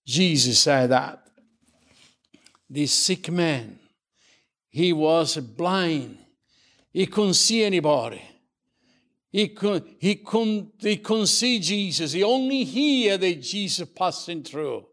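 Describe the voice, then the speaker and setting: Preacher, man, slow and repetitive delivery, fairly high voice. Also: expressive, fairly bright tone. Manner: slow, earnest, repetitive preaching with halting restarts. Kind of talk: sermon.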